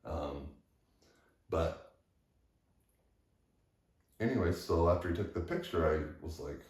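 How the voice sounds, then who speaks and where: A man telling a personal story to the camera in a candid, halting way with frequent restarts. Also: low voice, darkish tone. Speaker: vlogger. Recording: echoey room, far from mic.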